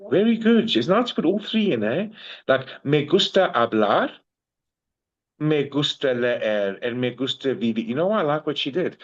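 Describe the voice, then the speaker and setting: A man's voice: medium pitch, moderate pace, muffled recording. Slangy South African male Spanish tutor. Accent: South African English. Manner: slangy and animated, calls people bro. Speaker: Spanish teacher. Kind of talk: casual one-on-one tutoring.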